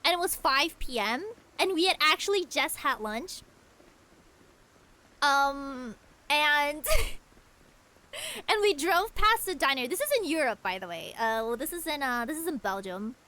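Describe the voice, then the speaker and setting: A high, bright-voiced young woman chats casually while she plays a game on stream. Her pitch jumps around a lot as she rambles through stories, doubling back and restarting her sentences. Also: sing-song, measured pace, pauses often, slight background noise. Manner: chatty storytelling, rambling with restarts. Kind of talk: casual chat while gaming.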